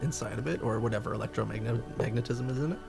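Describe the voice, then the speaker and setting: A man's voice: medium pitch, fast talker, gravelly, music in the background. A man taking part as a player in a sci-fi tabletop game, eager and casual.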